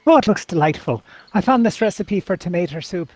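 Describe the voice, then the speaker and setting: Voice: mid-range voice, lively intonation, a little fast, natural voice. A player voicing a courteous, food-loving male wood elf in a game role-play, speaking in polite, genteel phrases.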